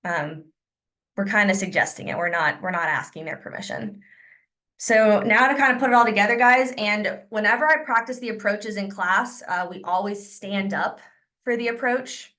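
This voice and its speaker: A woman leading a sales training class over a video call, with an energetic coaching manner, acting out sample lines for her team. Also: medium pitch, normal speed.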